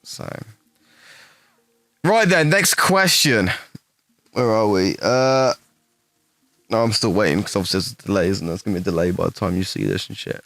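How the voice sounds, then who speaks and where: A young man with a West Midlands English accent and a slightly low voice answers his viewers on a livestream. He talks in a blunt, profane, rambling way. The sound is dry and close to the mic. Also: quick pace, vocal fry, no room sound. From England, West Midlands. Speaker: streamer answering chat questions. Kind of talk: casual livestream chat.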